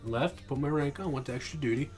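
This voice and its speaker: A man's voice: medium pitch, fast, darkish tone, soft background music. A young man, an army veteran, angrily telling a profane story in a casual vlog. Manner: angry, profane, acts out quoted dialogue.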